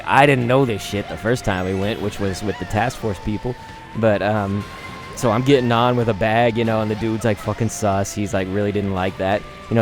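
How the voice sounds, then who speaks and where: A man commentating over gameplay, telling animated, profanity-laced stories in a rambling, casual way. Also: fairly low pitch. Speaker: gaming commentator.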